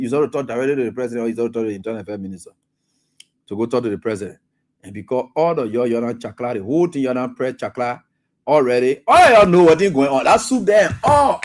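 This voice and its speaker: Animated Liberian radio talk host. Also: male voice, fairly high pitch. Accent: Liberian English. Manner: animated, mocking, reads statements aloud with running commentary. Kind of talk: live call-in commentary.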